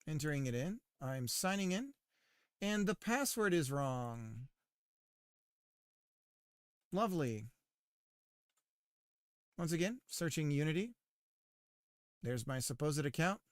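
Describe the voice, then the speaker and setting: A male game developer chats on a live stream and jokes with his viewers in a slightly high, smooth, clear voice. He talks slowly and takes his time. The sound is dry and close-miked. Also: lively intonation, no echo. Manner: joking, teasing his chat. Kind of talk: casual live-stream chat.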